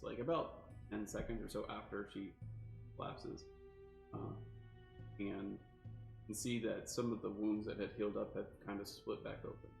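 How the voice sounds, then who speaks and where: A low-pitched man runs a tabletop game, his voice gravelly with fry. He describes each scene in loose, rambling sentences packed with fillers. The room is echoey, with faint music playing underneath. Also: darkish tone. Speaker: game master.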